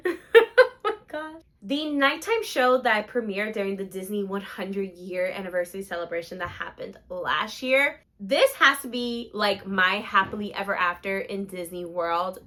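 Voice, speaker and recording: Bright-voiced, gushing young woman vlogger. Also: medium pitch, moderate pace, few pauses. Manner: gushing, emotional, bubbly. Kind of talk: excited theme park vlog chat.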